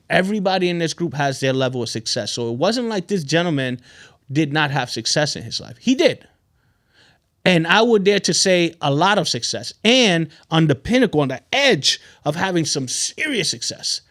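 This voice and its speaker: A man hosting a podcast, telling a motivational story in a loose, conversational way, often repeating himself and checking in with "right?". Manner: animated, swings in pitch and loudness. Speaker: podcast host.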